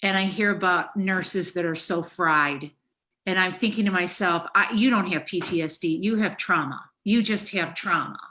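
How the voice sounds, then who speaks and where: A woman's voice: fairly low pitch, moderate pace, pushed and bright. A middle-aged woman therapist talking frankly and emotionally on a podcast, swearing freely. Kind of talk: casual podcast conversation.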